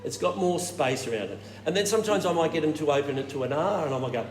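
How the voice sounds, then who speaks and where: A man leading a choir warm-up workshop, explaining technique and showing it with hums and falsetto sounds. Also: expressive, quick pace. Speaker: choir director. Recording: roomy hall with reverb and noise.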